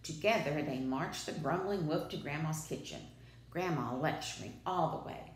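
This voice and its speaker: A woman preschool teacher reading a storybook aloud with dramatic, expressive delivery. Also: sits low, normal speed. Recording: echoey room.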